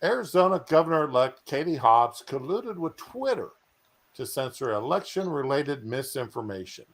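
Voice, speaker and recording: A man hosts a casual stream at a middling pitch. He jokes and drawls and often trails off into fillers. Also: sing-song, normal speed. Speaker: stream host. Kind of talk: casual chat. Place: home, at bed.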